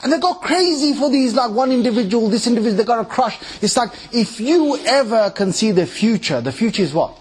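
A married man with three kids preaching an informal sermon to a live audience, animated, mimicking people and asking the audience questions. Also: very high-pitched, a little fast, few pauses. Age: adult, married with three kids.

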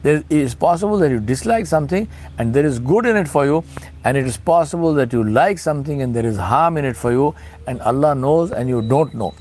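A man's voice: medium pitch, expressive, fairly quick, a little mellow, slight background noise. A middle-aged man preaching in a conversational way, asking rhetorical questions and acting out little dialogues. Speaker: Islamic speaker. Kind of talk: informal sermon talk.

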